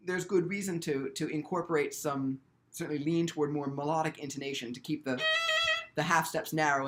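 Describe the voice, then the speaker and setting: A man whose voice sits a little high gives violin lessons on video. He talks in a considered way, often breaking off and beginning again with an "um."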